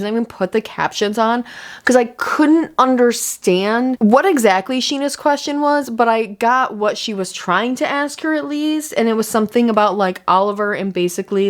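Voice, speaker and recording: A woman recapping a reality show in a loose, chatty way, full of "like". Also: medium pitch. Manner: chatty, loose, heavy use of "like". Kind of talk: casual recap chat.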